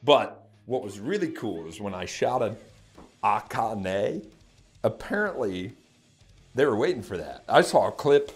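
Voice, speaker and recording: A man hosting a music reaction channel, telling an excited story to camera, laughing often and breaking into shouts. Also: lowish voice, measured pace.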